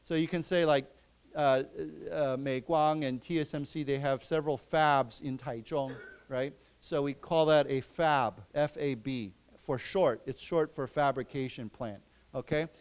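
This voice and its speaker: A man teaching English to a class, explaining words and repeating them slowly for his students. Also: mid-range voice, fairly even intonation, clear, resonant tone. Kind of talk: classroom lesson. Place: library lecture room.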